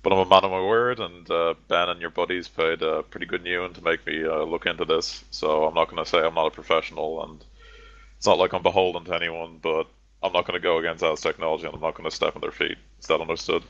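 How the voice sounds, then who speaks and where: A man's voice: sits low, level tone, fast talker, fairly bright tone, no echo. A man voicing a cool, matter-of-fact male information broker who smokes and calls people kid. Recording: dull lo-fi dry recording.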